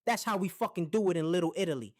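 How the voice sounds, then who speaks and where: A man's voice: high voice, rapid-fire, a little mellow, dry recording, clean studio sound, lightly acted. A synthetic male voice playing a brash, profane AI mobster character, boastful and hyped-up in comic banter. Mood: swaggering.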